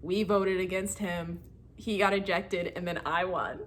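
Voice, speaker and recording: A woman in her twenties telling stories in a casual vlog, animated and laughing as she acts out her friends' lines. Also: on the low side, measured pace. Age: 20s. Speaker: student vlogger.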